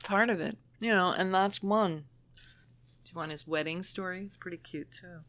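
A woman who trains dementia caregivers, telling stories conversationally, lively and emotional, often laughing as she talks. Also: fairly low pitch, normal speed, no echo. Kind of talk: conversational storytelling.

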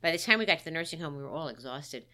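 A woman's voice: low voice, lively intonation, very fast, bright, forceful tone. A middle-aged woman, a guest, recounting a personal story in a candid, wry, self-deprecating way.

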